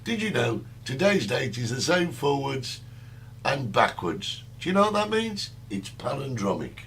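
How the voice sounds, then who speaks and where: A man's voice: medium pitch, big pitch swings, a little slow, a bit bright. A man hosting a casual talk show, teasing his co-host and greeting listeners by name. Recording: faint hum.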